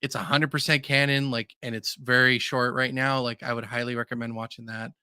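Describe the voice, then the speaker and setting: A man's voice: mid-range voice, level tone, fairly quick, pushed and bright, clear, resonant tone, dry recording, clean studio sound. A man co-hosting a podcast, chatting casually in an earnest, openly emotional way with hesitant "um"s. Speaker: podcast co-host. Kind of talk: casual chat.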